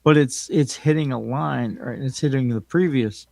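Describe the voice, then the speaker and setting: Gravelly man giving calm replies. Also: medium pitch, normal speed, no room sound. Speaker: co-host trading live. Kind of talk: casual live-stream chat.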